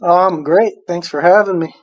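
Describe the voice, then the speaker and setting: An older man from Chicago, a former athlete, answering interview questions in a relaxed, easygoing way with a general American accent. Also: high-pitched, normal speed, dull audio, noisy background. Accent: general American, lost his Chicago accent. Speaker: guest, former baseball player.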